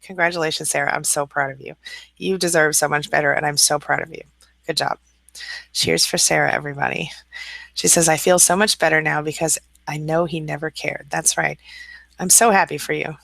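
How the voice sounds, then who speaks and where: A woman hosting a casual live stream, reading out viewer comments and answering them with a warm, chatty manner. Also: low-pitched, fairly even intonation, fairly quick, gravelly, dry recording.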